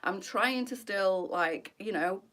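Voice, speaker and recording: A woman's voice: mid-range voice, takes it slowly, fairly bright tone. A middle-aged woman, a boutique presenter chatting candidly and emotionally on a live stream, answering viewers by name.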